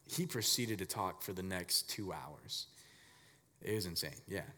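Pastor, male, low voice, laid-back and chatty delivery, lots of fillers, big reverberant hall. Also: unhurried. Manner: relaxed, filler-heavy storytelling. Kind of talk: casual conversational sermon.

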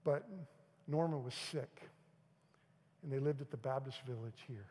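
Husky pastor preaching in a reverberant hall. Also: male voice, mid-range voice, a little slow. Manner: storytelling, swings from loud urging to hushed near-whispers. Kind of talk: sermon with personal story.

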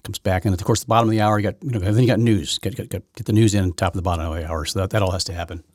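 A man's voice: low voice, steady tone, very fast, a little mellow, no room sound, clean studio sound. A man hosting his own podcast, giving rambling, opinionated solo commentary full of restarts and repeated words. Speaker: podcast host.

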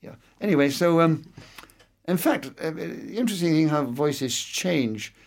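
A man's voice: fairly high pitch, expressive, a little slow, gravelly. An older man with an English accent, reminiscing at length in an interview, with an expansive and anecdotal manner. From England. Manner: expansive, anecdotal, fond of digressions.

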